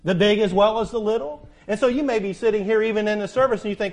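A man preaching a sermon as pastor, asking rhetorical questions, repeating key phrases and reading scripture slowly. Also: high-pitched, darkish tone. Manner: quotes scripture slowly and deliberately. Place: church sanctuary.

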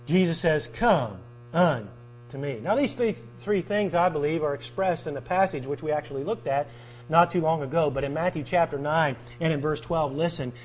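A man preaching a sermon, emphatic and repetitive, drawing out key words and swinging from loud to quiet. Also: on the high side, slight background noise, low-quality recording.

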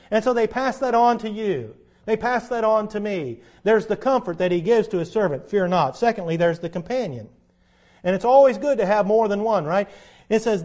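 High-voiced folksy preacher man. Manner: folksy storytelling that rises to loud emphatic preaching. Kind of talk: sermon.

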